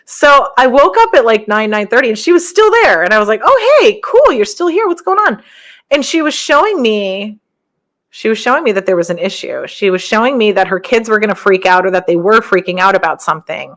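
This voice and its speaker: A woman hosting a podcast, talking casually through her stories with frequent laughs and rambling asides, her voice jumping higher whenever she quotes someone. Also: animated, a little fast, a bit bright. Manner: jumps up in pitch when quoting others. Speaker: podcast host. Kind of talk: casual spiritual monologue.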